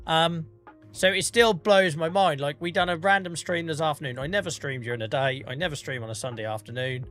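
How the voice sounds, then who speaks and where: A man's voice: a little high, brisk, fairly bright tone, soft background music. A man with a Norfolk accent, chatting casually to his live-stream viewers while gaming, self-mocking and laughing often.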